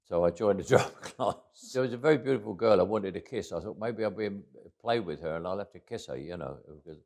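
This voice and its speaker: An older Englishman with a Cockney accent speaks in a lowish, darkish voice with vocal fry, talking quickly. In a reflective interview he shares stories from his life, often chuckling and starting phrases over.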